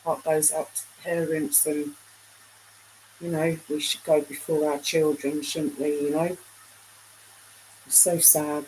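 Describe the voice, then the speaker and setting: A woman's voice: low-pitched, little pitch movement, takes it slowly, pauses often, darkish tone, slight background noise, rough recording. A middle-aged woman chatting casually with viewers on a live stream, rambling and trailing off mid-sentence. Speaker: livestream host.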